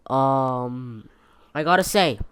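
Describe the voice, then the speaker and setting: A man's voice: mid-range voice, slow pace, a bit bright, smooth, no echo. A man hosting a casual solo podcast from his bedroom, rambling with many fillers and restarts. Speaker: podcast host.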